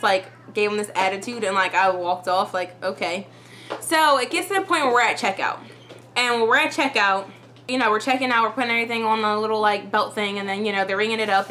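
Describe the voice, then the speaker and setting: Young female vlogger, chatty storytime delivery, bright tone. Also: fairly high pitch, slight background noise. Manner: chatty, full of "like" fillers. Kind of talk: storytime vlog.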